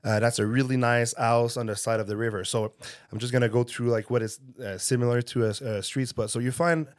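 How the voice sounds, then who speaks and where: A man's voice: medium pitch, steady tone, no echo, clean studio sound. A man from Quebec with a Quebecois French accent, a guest chatting casually and stopping often to find words, French being his first language. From Quebec, Canada. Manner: halting, searching for words, many fillers. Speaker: guest, pro snowboarder. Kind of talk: casual podcast chat.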